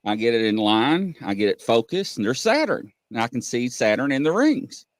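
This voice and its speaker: A middle-aged man, hosting a casual live-stream chat and telling stories in an animated way. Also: medium pitch, normal speed, no room sound, studio quality. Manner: animated storyteller, acts out voices. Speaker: host.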